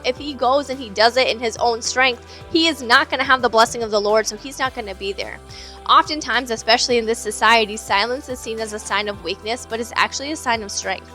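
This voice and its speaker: Woman, fairly high voice, bright and forceful, earnest casual devotional talk, faint music behind. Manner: earnest, conversational, many fillers like "like". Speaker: devotional speaker. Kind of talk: casual devotional Bible teaching.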